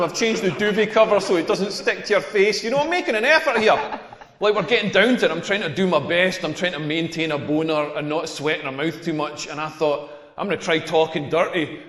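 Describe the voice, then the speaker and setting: A man's voice: high voice, fairly bright tone. An actor in his forties with a Scottish accent, playing a self-mocking stand-up comedian in a game and telling rambling anecdotes. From Scotland. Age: 40s. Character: self-deprecating tall Scottish male comedian, around forty. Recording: echoey hall with long reverb.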